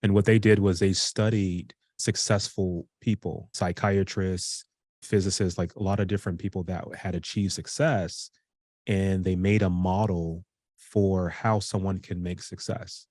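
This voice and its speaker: A man in his forties walks through a workshop topic in a relaxed, conversational way, trips over a word now and then, and starts again. His voice is very low. The sound is dry, with no room echo. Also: measured pace. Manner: conversational, with frequent restarts and fillers. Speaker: speaker teaching a self-improvement workshop. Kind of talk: casual explanatory talk.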